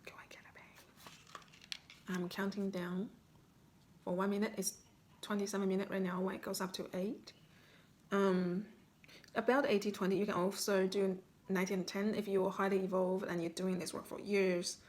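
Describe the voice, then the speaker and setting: A woman as a spiritual healing coach, calmly guiding listeners through self-reflection with instructive questions. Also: mid-range voice, moderate pace. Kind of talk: guided self-reflection talk.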